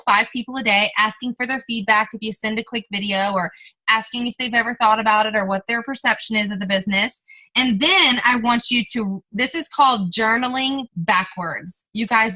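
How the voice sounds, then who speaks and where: A woman's voice: medium pitch, sharp tone, poor audio. A young woman giving an emphatic motivational training talk to her team, coaching and addressing listeners directly.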